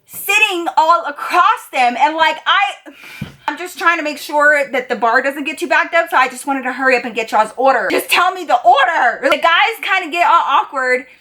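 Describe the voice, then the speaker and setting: A young woman vlogger telling a story straight to camera. Her voice sits a little high and comes out bright. She keeps it chatty and expressive, with slangy asides to her viewers. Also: normal speed.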